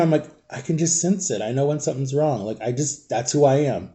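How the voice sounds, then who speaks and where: A man's voice: fairly high pitch, steady tone, fast, hardly any pauses, warm tone. A young adult man vlogging, telling a rambling personal story in a casual way, full of "like" and "guys". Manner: chatty, rambling, frequent "like" and "guys".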